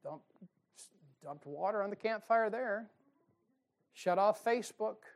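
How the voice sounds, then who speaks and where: A man's voice: sits high, slow pace. Fiery preacher man. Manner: folksy, emphatic preaching with rising outbursts. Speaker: pastor. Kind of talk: fiery sermon. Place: church sanctuary.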